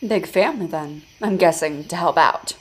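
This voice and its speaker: A woman voicing a sharp-tongued young female adventurer who snaps and drawls, in an audio fiction story. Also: low-pitched, moderate pace, slightly rough, pitched below the performer's own voice, low-quality recording.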